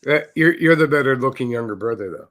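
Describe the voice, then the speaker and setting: A man's voice: medium pitch, animated, quick pace, fairly bright tone. Teasing man joining a chat by phone. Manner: teasing and affectionate. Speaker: call-in guest. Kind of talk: casual banter.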